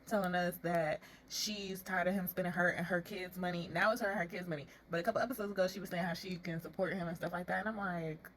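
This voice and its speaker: Fast-talking woman gossiping through a recap. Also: lowish voice, fairly even intonation, slight background noise. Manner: fast, chatty retelling with laughs and slang. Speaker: reality TV recap commentator. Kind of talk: casual gossipy show recap.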